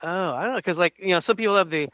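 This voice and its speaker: A man's voice: sits high, very fast, bright, forceful tone, no echo, muffled recording. A male radio co-host in casual banter, rambling with many fillers and restarts. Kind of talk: casual game-show banter.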